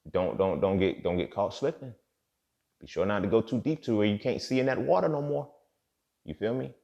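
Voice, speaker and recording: A man with a very low, gravelly voice talks through a loose, profane motivational monologue, full of street slang and checking in with his listener. The recording sounds dull and lo-fi. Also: a little mellow. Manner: profane, streetwise slang, repeats "you feel me". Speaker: podcast host.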